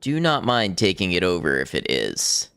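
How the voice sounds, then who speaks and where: A man's voice: low voice, wildly swooping pitch, normal speed, gravelly, sharp tone, clean tone, no echo. A man casually commenting on his game as he plays, thinking aloud and chuckling often. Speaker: gaming streamer. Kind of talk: casual let's-play commentary.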